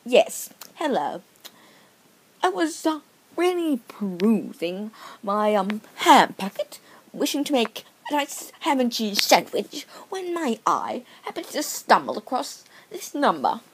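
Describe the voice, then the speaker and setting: A woman's voice: on the high side, very animated, slow pace, husky, heavily acted, rough recording. A woman playing a fussy male caller in a comedy sketch, an Australian putting on a bad posh British accent. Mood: indignant. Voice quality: put-on plummy, fussy diction.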